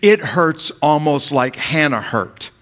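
A man preaching an earnest, pleading sermon as pastor, rising in force when he reads scripture and sinking low and soft at the ends of his phrases. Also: big pitch swings, slow pace.

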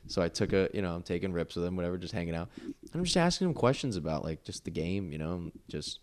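A man's voice: sits low, animated, quick pace, slight background noise. A young man, a podcast guest, telling a long casual story full of "like" and "you know.". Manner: rambling, filler-heavy storytelling with lots of "like".

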